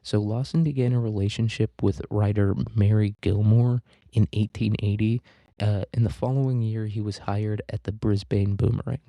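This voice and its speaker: A man's voice: lowish voice, steady tone, normal speed, warm tone, dry recording. A young man hosting a casual history podcast, loose and profane, joking with lots of fillers and asides. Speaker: podcast host.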